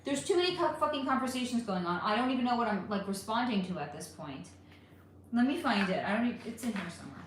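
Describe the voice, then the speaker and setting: Woman host, casual livestream from home, blunt and animated, higher voice, echoey room. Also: fast. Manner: candid, swearing, animated, answers chat questions. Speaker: livestream host reading chat. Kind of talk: casual live-stream chat. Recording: roomy echo with faint ambient noise.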